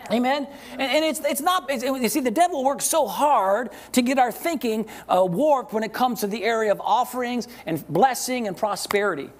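A man pastor preaching a sermon to a congregation, asking rhetorical questions, leading call-and-response, and slowing down to read scripture with emphasis. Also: very high-pitched. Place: church service with congregation.

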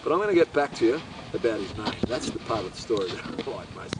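A man's voice: mid-range voice, animated, fast talker, recorded from a distance, very noisy. A man with an Australian accent telling a meandering, profane, incredulous comic story. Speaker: host. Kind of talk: rambling comic monologue.

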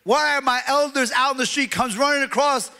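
Impassioned high-voiced preacher, bright tone. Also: male voice, a little fast, gravelly. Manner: impassioned, acts out quoted voices. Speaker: pastor. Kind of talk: sermon storytelling. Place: large church hall. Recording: long hall reverb.

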